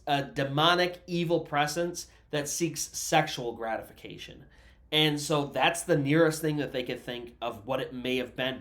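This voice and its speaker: Guy telling a story like he's chatting with you, slightly high voice, lots of "you know". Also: fairly bright tone. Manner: conversational, with fillers and asides to the listener. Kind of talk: casual spoken storytelling.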